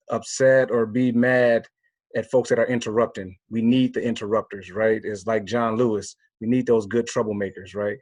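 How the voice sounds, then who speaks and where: A man panelist giving casual, animated closing remarks on a video call. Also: medium pitch, no room sound.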